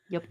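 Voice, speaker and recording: Bright, animated woman storyteller. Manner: animated storyteller, laughs often. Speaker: podcast co-host. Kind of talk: casual chat.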